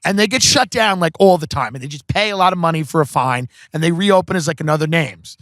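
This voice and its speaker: A man's voice: a little high, expressive, fast talker, fairly bright tone, no room sound. A man from Long Island hosting a podcast, telling comedic stories in a rambling, profane way full of filler words. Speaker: podcast host. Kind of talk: comedic storytelling.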